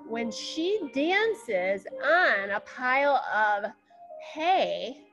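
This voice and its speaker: A woman voicing a nice older gentleman boasting about his daughter in a children's story. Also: high-pitched, very animated, extremely slow, faint music behind, exaggerated voice. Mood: eager.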